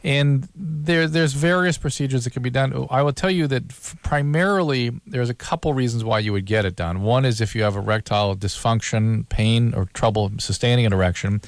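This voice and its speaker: A man working as the doctor co-host of a call-in radio show, explaining medical questions calmly and matter-of-factly. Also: mid-range voice, a little fast, few pauses, no echo. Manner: calm, explanatory, matter-of-fact.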